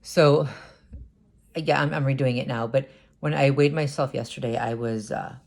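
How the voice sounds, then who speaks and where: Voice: medium pitch, fairly even intonation, normal speed, gravelly, darkish tone. An adult talking through a personal confessional vlog, hesitant and stammering, with many restarts and repeated words. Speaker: vlogger.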